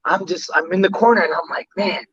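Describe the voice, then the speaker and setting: A man's voice: high-pitched, quick pace, a bit bright, slightly rough, muffled recording. A man, a fighter guest on an interview, telling stories in a rambling way, full of "like" fillers. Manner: rambling, heavy use of "like" fillers. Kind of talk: casual storytelling interview.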